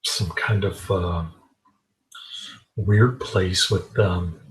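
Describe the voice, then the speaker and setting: Man, film reviewer, slow halting talk, lowish voice, casual. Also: fairly even intonation, rough recording. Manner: halting, meandering delivery.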